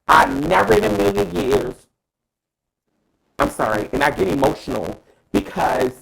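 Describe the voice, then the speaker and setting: Male co-host, lively and gravelly, emphatic and profane in casual opinion talk. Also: mid-range voice, low-quality recording. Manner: dramatic, emphatic, profane, addresses co-hosts by name.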